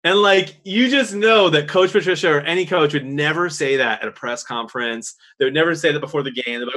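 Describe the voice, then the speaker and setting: A man cohosting a faith podcast, telling stories with excitement and frequent laughter. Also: a little high, fairly quick, hardly any pauses. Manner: excited storytelling, laughs often. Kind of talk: casual chat.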